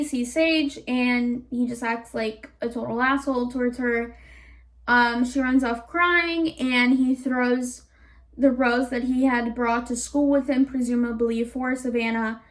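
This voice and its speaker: A woman recapping a cartoon series in a casual, animated way, with sarcastic asides and rambling tangents. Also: sits high. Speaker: YouTube reviewer.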